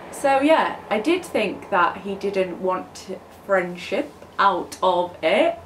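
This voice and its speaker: A woman's voice: medium pitch, sing-song, measured pace, roomy sound, noisy background. A young woman talking openly and a little hesitantly in a casual confessional vlog. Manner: open, emotional, hesitant. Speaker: vlogger.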